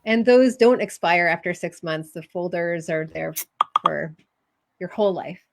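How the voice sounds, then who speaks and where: A woman's voice: fairly low pitch, a little slow, gravelly, noisy background. A woman hosting a live online conference info session, speaking in a friendly way and laughing easily. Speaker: conference organizer and host. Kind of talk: casual live-stream chat.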